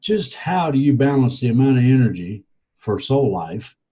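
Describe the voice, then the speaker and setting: A man's voice: medium pitch, very animated, moderate pace, mellow, husky, poor audio. A man giving casual podcast answers, hesitant and rambling with many fillers and a dry, wry humor. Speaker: guest.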